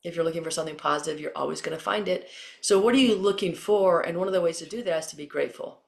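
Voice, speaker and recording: Gravelly-voiced middle-aged woman from Texas. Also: on the low side, very fast. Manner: animated storyteller, acts out quotes. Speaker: guest, former Olympian and coach. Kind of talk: conversational interview answers.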